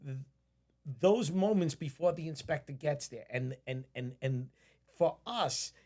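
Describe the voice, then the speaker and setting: A man's voice: fairly high pitch, animated, measured pace, warm tone. A man hosting a casual podcast conversation, talking emphatically and often repeating phrases and restarting his sentences. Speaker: podcast host.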